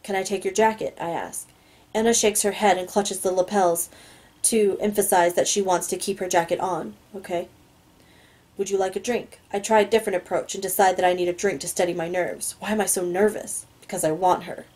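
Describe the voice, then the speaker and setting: A woman's voice: lowish voice, fairly even intonation, a little fast, a little mellow, rough recording. A woman reading a novel aloud, stumbling on words now and then and adding her own asides. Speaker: reader.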